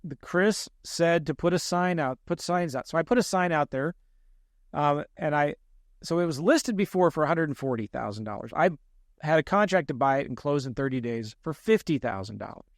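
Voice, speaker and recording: A man with a fairly high voice tells a story on a podcast, mocking his younger self and acting out the other people's lines. The sound is dry and close, with no room echo. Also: normal speed. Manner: animated, self-deprecating storyteller who acts out quoted lines. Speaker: real estate investor guest.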